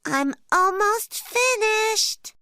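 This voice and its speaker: A woman doing a high-pitched little bear cub. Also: animated, bright, forceful tone, dry recording, clean studio sound, full character voice. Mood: proud. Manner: high, childlike and slow. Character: small boy bear cub, playful and eager.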